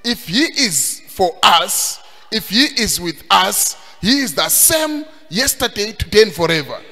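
Emphatic preacher man, lively high voice. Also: unhurried. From Zimbabwe. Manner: emphatic, rising to shouts, sing-song phrasing. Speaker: pastor. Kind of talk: sermon. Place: church hall. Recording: long hall reverb.

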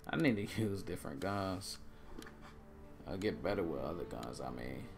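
A man giving casual, joking commentary while playing a shooter game, with sudden loud bursts of excitement. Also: sits low, normal speed, vocal fry, over music. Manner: joking, loose and self-mocking. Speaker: gamer.

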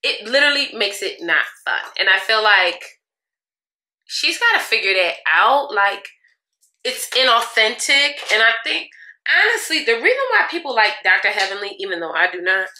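In an echoey room, a young beauty vlogger keeps up a casual get-ready-with-me chat, her medium-pitched voice bright and forceful. She talks sassily to her viewers while getting ready and laughs a lot.

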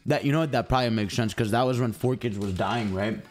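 A man's voice: mid-range voice, fast. Young man, game streamer, casual rambling chatter, mid-range voice, faint music behind. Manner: rambling, chatty, addresses chat directly. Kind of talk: casual live-stream chat.

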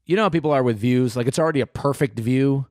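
A man, a comedian hosting his podcast, telling a story with lots of swearing and high-pitched quoted voices. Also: quick pace, no room sound, studio quality. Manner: profane, animated, acts out quotes in high voices. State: sweating. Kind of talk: comic storytelling monologue.

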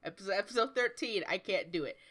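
A woman's voice: mid-range voice, animated, fast talker, a bit bright. A woman hosting a podcast, chatting casually and reading out news. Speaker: podcast host.

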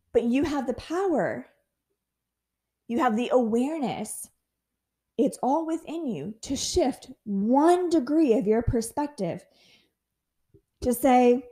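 A fairly high-pitched woman hosts a faith-based motivational podcast. She speaks in an earnest, encouraging way and acts out prayers and inner dialogue in lively voices. She is candid and self-mocking, often laughing at herself. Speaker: podcast host.

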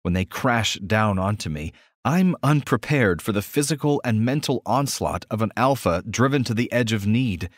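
A man narrating an audiobook romance in the first person with a steady, intimate reading. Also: fairly low pitch, moderate pace, no room sound, clean studio sound.

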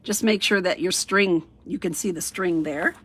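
Chatty woman demonstrating a craft, husky voice. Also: fairly low pitch, moderate pace. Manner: chatty, thinks aloud, sing-song "ta-da" while working. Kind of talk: casual craft tutorial narration.

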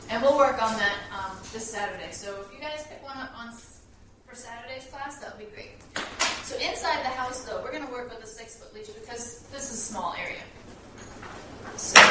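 Woman dog trainer in an echoey room. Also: background noise. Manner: instructive, switches to high sing-song praise for the dog. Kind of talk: casual home training demo. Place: small room indoors in a house. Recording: echoey room, distant camera mic.

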